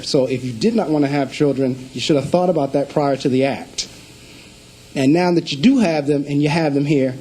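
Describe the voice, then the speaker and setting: Husky, warm-voiced male school principal. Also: on the high side, low-quality recording. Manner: storytelling speaker acting out phone calls. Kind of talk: conference presentation to school district staff.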